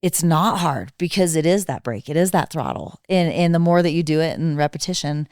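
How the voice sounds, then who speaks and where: A woman with a low, smooth voice chats on a podcast about coaching riders. She rambles a little with fillers, relaxed and conversational. The sound is close and dry. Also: fairly quick, no room sound. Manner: relaxed storytelling with many fillers. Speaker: snowmobile riding instructor. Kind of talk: casual podcast chat.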